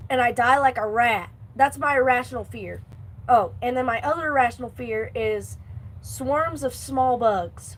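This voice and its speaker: A woman's voice: on the high side, a little hiss or hum, rough recording. A young woman live streamer rambling playfully and chatting casually to her viewers. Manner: rambling, playful, talks to chat.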